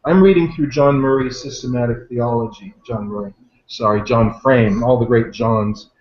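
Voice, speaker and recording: A man giving a screen-share software demo, lively and self-deprecating, with jokey asides as he walks through the steps. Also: medium pitch, normal speed, roomy sound, highs cut off. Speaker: guest software expert.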